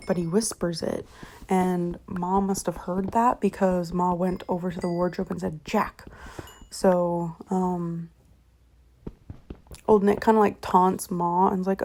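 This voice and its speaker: Mellow-voiced rambling woman. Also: fairly low pitch, little pitch movement, a little slow. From Canada. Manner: rambling and chatty, swears freely, corrects herself often. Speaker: vlogger. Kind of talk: casual book retelling.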